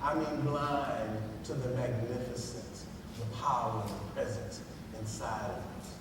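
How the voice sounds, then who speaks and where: A male minister preaching a sermon, telling stories and dropping low and soft for emphasis. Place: large church hall. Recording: distant echoey hall with noise.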